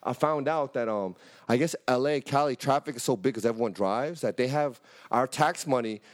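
A man from New York telling a story in casual, profane podcast chat, acting out the people in it in a high, animated voice. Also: normal speed. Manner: animated, swearing, acts out voices in a high pitch. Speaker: podcast co-host.

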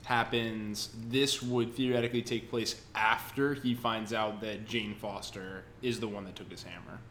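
A man co-hosting a casual podcast, adding context and quick reactions. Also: lowish voice, fairly even intonation, fairly bright tone. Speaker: podcast co-host. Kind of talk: casual chat. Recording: roomy sound with faint background noise.

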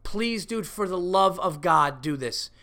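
High, gravelly ranting male podcaster. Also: expressive, unhurried, sharp tone. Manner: profane, heated ranting. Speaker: podcast host. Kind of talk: solo podcast rant.

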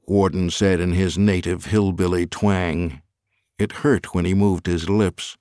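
A man narrating an audiobook thriller in an expressive, lively reading on a close studio mic. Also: low-pitched, a little slow, no room sound.

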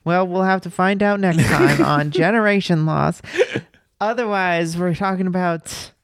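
Dry-sounding casual film podcast co-host. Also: male voice, high voice, moderate pace, gravelly, clear, resonant tone, no echo. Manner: chatty, laughs often, rambling asides.

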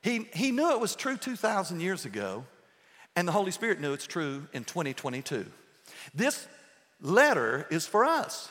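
A man's voice: high voice, huge pitch swings, moderate pace, fairly bright tone. A man pastor preaching a live sermon to his congregation in a church, folksy and joking as he talks to the crowd. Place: church sanctuary before a congregation. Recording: long reverb of a church hall.

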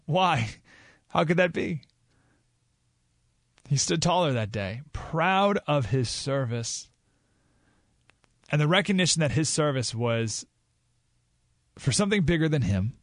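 A man hosting a talk radio show, telling stories in an animated, emphatic way. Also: a little high, a little slow, long pauses, no echo, studio quality. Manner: animated storytelling, rising to excited emphasis. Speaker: radio host.

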